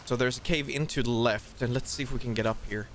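A man hosting a casual co-op gameplay video, chatty and quick to exclaim. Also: mid-range voice, steady tone, slight background noise. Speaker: gaming channel host.

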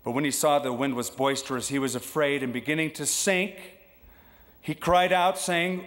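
A man preaching a sermon as pastor, lively and conversational, acting out the voices he quotes. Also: slow, pauses often. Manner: animated, acts out quoted voices with big pitch jumps. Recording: long hall reverb.

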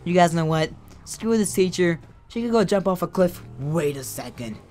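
A man's voice: high voice, lively intonation, normal speed, darkish tone, faint music behind. A young man telling a storytime and drawing a tutorial in a casual, joking, rambling way. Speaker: YouTuber.

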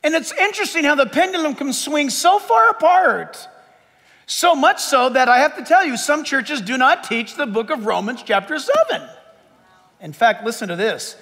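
High, bright-voiced preaching pastor. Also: male voice, sing-song, normal speed. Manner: emphatic, swings from loud to hushed. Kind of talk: sermon. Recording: long hall reverb.

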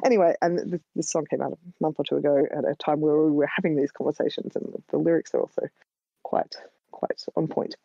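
An Australian woman, a guest writer, chats casually in a rambling, hesitant way, dropping plenty of ums. Her voice is low, steady, quick, gravelly and husky. The recording has a dull lo-fi sound with no echo.

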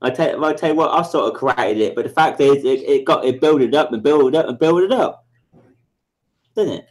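A man's voice: mid-range voice, fairly quick. Sweary man ranting on a livestream. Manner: sweary, blustering, repeats himself. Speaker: livestream host. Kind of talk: casual livestream chat.

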